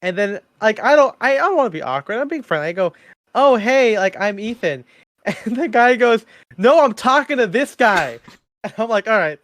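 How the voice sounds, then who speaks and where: A man's voice: sits high, lively intonation, a little fast, no room sound. A young man co-hosting a podcast, telling a story in casual chat, acting out quotes and laughing often. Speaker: podcast co-host.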